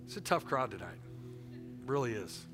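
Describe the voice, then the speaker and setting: A middle-aged man preaching a sermon, animated and repetitive, telling stories between points. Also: medium pitch, moderate pace, gravelly, music in the background.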